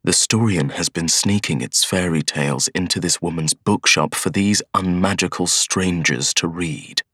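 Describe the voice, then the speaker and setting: A man voicing a cold, scheming young schoolmaster of Evil who speaks in a measured, persuasive way. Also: sits low, a bit bright, breathy edge, no room sound, studio quality. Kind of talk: audiobook character voice.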